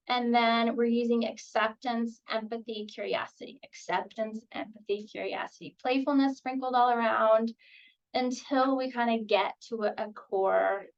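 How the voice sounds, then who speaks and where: A woman presenting at a clinical training session, explaining in a relaxed conversational way with frequent ums. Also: fairly high pitch, highs cut off. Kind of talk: conversational teaching talk. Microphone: video call.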